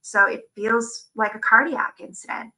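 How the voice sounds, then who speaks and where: A woman's voice: on the high side, normal speed, bright, forceful tone, poor audio. A woman giving a personal, matter-of-fact account as a patient advocate at a conference.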